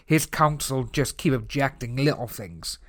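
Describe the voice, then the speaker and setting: Welsh man, casual commentary vlog, middle-pitched voice, rambling, stumbling restarts. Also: measured pace. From Wales. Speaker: YouTube commentator. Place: home room with open window.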